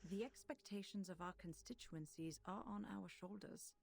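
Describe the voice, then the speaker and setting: An actress voicing a cautious female committee member who argues policy in a formal, deliberate way in a game. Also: mid-range voice, gravelly, darkish tone, no room sound. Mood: serious.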